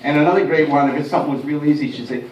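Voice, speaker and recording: A man's voice: fairly high pitch, racing, lo-fi sound, crowd noise. A man from Detroit doing a chatty, self-deprecating stand-up routine, chuckling at his own jokes. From Detroit, USA. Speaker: stand-up comedian. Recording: roomy, distant mic, faint ambience.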